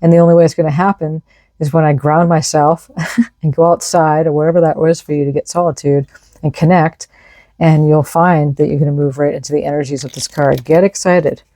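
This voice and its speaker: A woman's voice: low voice, flat delivery, fairly quick, mellow, no echo. A woman giving an enthusiastic, casual tarot reading, reading out card messages and explaining them. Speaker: tarot reader.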